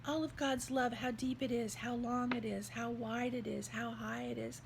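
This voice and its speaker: A woman's voice: fairly high pitch, fairly even intonation, moderate pace, vocal fry, noisy background. A woman vlogger talking in an earnest, heartfelt, rambling way about faith. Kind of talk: casual devotional vlog talk.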